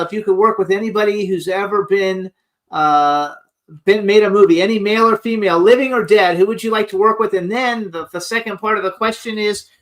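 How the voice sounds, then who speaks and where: A man hosting a radio interview, asking rambling questions in casual chat. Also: high voice. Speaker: radio show host.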